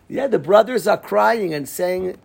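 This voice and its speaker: A man's voice: on the high side, creaky, breathy edge. A man teaching a Torah class as a rabbi, telling the story with energy, acting out the quotes and dropping Hebrew and Yiddish terms into his English. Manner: animated storyteller who acts out quotes and laughs often. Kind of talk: lively Torah class lecture.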